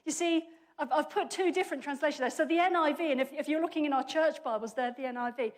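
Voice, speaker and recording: A woman preacher giving a chatty, humorous sermon, often correcting herself mid-sentence as she goes. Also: high voice. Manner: lively, chatty and humorous, with quick self-corrections.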